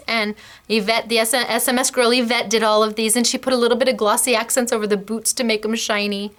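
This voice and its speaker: Bright, gushing woman craft host. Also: on the high side. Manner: chatty, gushing, laughs often. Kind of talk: casual product demo.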